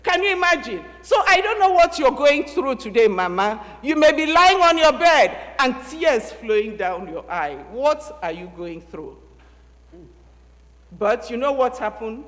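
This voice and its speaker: Animated woman preaching. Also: high voice, a little slow, long reverb tail. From Nigeria. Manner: storytelling sermon, acts out dialogue with swings of loudness. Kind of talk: sermon.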